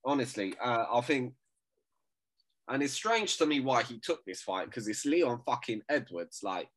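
A man's voice: medium pitch, lively intonation, normal speed, fairly bright tone. A man co-hosting a casual sports podcast, brash and joking, swearing freely and laughing often. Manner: brash, swearing, laughing, says "bruv" a lot. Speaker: podcast co-host.

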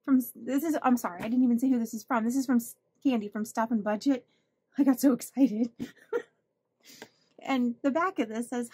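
A woman's voice: fairly high pitch, fairly even intonation, a little fast, mellow, husky, no echo. A woman hosting a budgeting channel, chatting casually and gushing as she opens her mail, laughing often. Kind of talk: casual chat opening mail.

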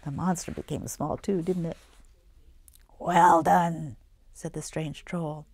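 A woman reading her own children's book aloud, dramatic and dropping into hushed whispers. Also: low voice, fairly even intonation, moderate pace, vocal fry, slightly rough, no room sound. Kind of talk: storybook read-aloud.

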